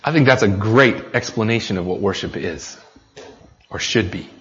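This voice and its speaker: A man's voice: fairly low pitch, animated, moderate pace, fairly bright tone, in a large hall. An American man preaching a sermon in an earnest way, talking straight to the congregation and asking them questions. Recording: slightly dull lo-fi recording.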